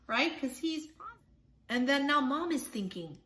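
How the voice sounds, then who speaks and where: A woman presents a children's picture book, walking through each page in a bright, fairly high voice and asking "right?" often. The recording has a roomy echo. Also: expressive, measured pace. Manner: explanatory, with a frequent "right?" after each point. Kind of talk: explaining a picture book aloud. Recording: echoey room.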